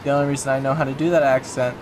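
A man's voice: mid-range voice, little pitch movement, racing, noisy background. A man giving casual, jokey let's-play commentary, talking to himself while he plays. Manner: chatty, jokey, talks to himself while playing. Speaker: gaming YouTuber.

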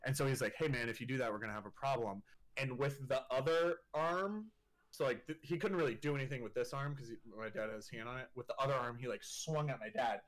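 A young man in casual conversation, telling a story with loose, animated energy. He swears freely and peppers everything with filler words. His voice sits at an ordinary middle pitch. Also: quick pace. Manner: animated storyteller, swears a lot, leans on 'like'. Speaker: guest.

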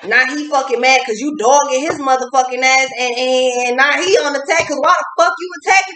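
In an echoey room, a woman gives a casual tarot reading in a high, sharp voice, speaking briskly with hardly any pauses. She's blunt, swears a lot, and repeats phrases to drive her points home.

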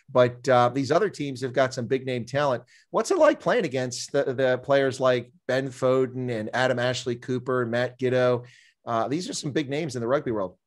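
A man hosting a rugby interview show, asking questions in a chatty, friendly way. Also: medium pitch. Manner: friendly, chatty, with frequent "uh" fillers. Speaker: podcast host, interviewer. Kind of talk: casual interview.

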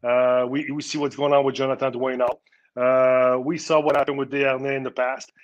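A former pro hockey player, a guest on a podcast, speaking earnestly with many halting restarts. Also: male voice, medium pitch, little pitch movement, highs cut off. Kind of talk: podcast interview.

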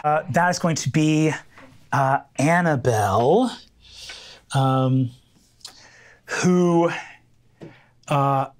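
A man's voice: fairly high pitch, very slow, long pauses. A man running a tabletop game as game master, narrating with many ums and uhs. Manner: hesitant, full of ums and uhs.

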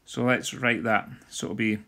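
A man's voice: lowish voice, steady tone, normal speed. A man, teaching drumming theory in a screen-recorded walkthrough and talking as he writes. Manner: talks while writing, sings drum rudiments softly.

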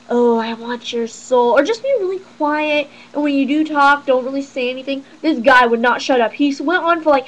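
Teen girl vlogger, high-pitched, rambling sarcastic rant. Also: a bit bright, rough recording. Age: teens. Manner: sarcastic, exasperated, rambling with restarts. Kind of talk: casual rant to camera.

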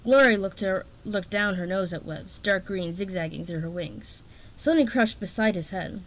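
A woman reading a children's fantasy novel aloud in steady, expressive narration. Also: medium pitch, normal speed. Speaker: audiobook reader.

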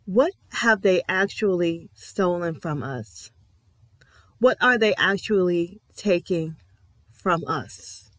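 A woman's voice: lowish voice, lively intonation, takes it slowly, fairly bright tone, dry recording. A woman giving an earnest, emphatic reaction commentary on a TV episode, repeating affirmations with feeling. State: emotional. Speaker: TV reaction vlogger.

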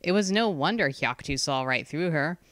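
An audiobook narrator reading a fantasy novel in measured, scripted narration. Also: medium pitch, animated, a bit bright, dry recording.

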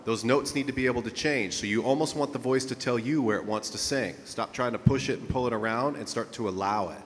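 A man's voice: mid-range voice, fairly quick, long reverb tail, slight background noise. A man working as a vocal coach, leading a singing lesson and checking in with his students as he goes. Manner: encouraging, coaching with frequent "okay?" checks.

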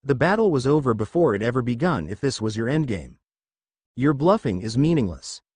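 A man's voice: medium pitch, lively intonation, brisk, a little mellow, husky, no echo. A man voicing an arrogant android conqueror. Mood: proclaiming.

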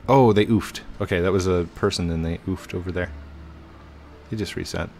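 A man in his thirties giving casual, chatty commentary while gaming, excitable and breaking into high squeals. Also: normal speed, slight background noise. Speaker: YouTuber.

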